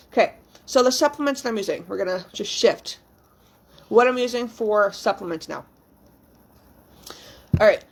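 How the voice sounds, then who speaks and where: A young woman vlogging as a new mother, talking candidly and emotionally, rambling with frequent ums and casual swearing. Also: mid-range voice. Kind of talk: casual, candid vlog chat.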